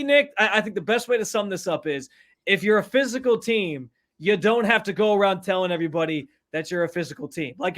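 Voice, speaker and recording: A man's voice: sits high, fairly bright tone. A young man co-hosting a sports radio show, casual and self-deprecating. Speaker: radio co-host.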